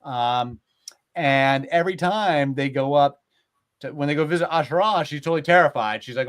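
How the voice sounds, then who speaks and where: A man's voice: on the high side, moderate pace. Chatty man retelling myths. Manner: animated retelling of myths, filler-heavy. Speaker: podcast host. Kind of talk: casual storytelling chat.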